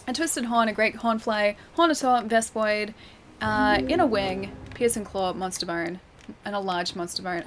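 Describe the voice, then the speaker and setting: A woman's voice: medium pitch, a little hiss or hum. A young Australian woman chatting casually with her livestream chat while playing a game, laughing often and reading messages aloud. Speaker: streamer.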